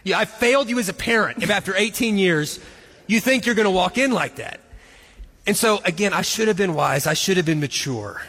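A man's voice: sits high, a little fast, sharp tone, in a large hall. A man in his forties telling a self-mocking story, then speaking earnestly as co-host of a Christian marriage session. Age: 40s. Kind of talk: storytelling and encouragement talk.

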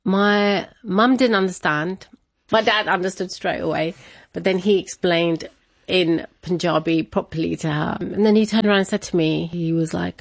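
A woman with a lowish voice tells a personal story to an interviewer, animated and quick to laugh. She brings her family to life by acting out their voices. The sound is close and dry. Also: creaky, no room sound.

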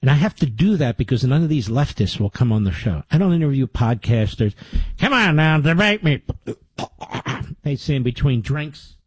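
A man's voice: medium pitch, animated, brisk, hardly any pauses, mellow, breathy edge, dry recording. A middle-aged man hosting a talk radio show, delivering a combative, conversational monologue with sarcastic asides into a studio microphone.

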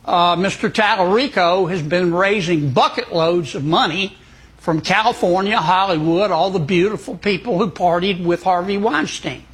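A man speaking in a plainspoken, folksy way in an interview clip, pausing on fillers. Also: high voice, fairly bright tone, slightly rough, rough recording. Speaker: senator in a clip.

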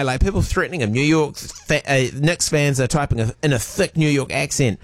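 A man co-hosting a casual chat, gleefully reading out comments with lively delivery. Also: medium pitch, normal speed, few pauses, no echo. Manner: animated, reads out quotes with relish. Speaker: podcast co-host.

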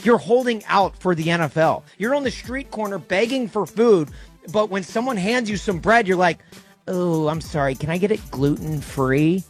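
A man's voice: high-pitched, moderate pace, faint music behind. Sarcastic man ranting on a podcast. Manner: mock-outraged, sarcastic, does silly quoted voices. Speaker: podcast co-host. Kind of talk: comedic rant segment.

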